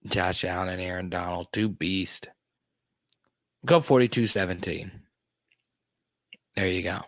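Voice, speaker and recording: A man hosting a casual livestream, chatting with viewers and greeting them by name with bursts of excitement. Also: low voice, a little slow, dry recording, studio quality. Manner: excitable, greets chatters loudly, many restarts. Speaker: host.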